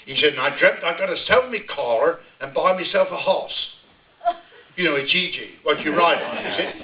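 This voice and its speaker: A Devon storyteller, an older man with a broad West Country burr, chuckles through a comic village yarn for a live audience in a village hall. His high, carrying voice has lively intonation and a moderate pace. A distant mic in the echoey hall makes it dull and muffled, with background noise.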